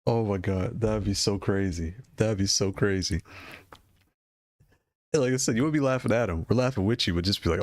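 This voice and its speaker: A man's voice: on the low side, brisk, no room sound. A man casually talking about game controllers as he browses, rambling, repeating himself and laughing often. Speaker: gaming hardware video creator. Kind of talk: casual product talk while browsing.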